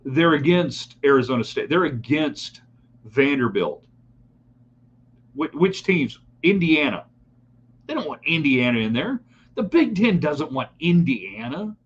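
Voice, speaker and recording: Animated middle-aged sports talk host. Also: male voice, mid-range voice, a little slow, breathy edge, dull audio. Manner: opinionated, animated, talks straight to listeners. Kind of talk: live sports talk broadcast reading chat comments.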